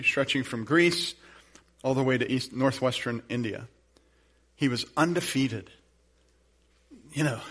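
Man preaching in a conversational way. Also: medium pitch. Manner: conversational storytelling, then soft prayer. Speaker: pastor. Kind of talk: sermon.

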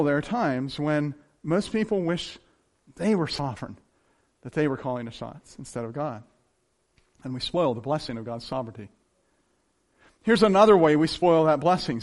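A man preaching a sermon to a congregation, acting out the quoted voices of the people he describes. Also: high-pitched. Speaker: pastor.

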